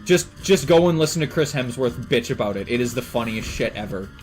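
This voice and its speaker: A man's voice: mid-range voice, expressive, brisk, soft background music. A man from Canada streaming and chatting casually with his viewers, blunt and emphatic with plenty of swearing.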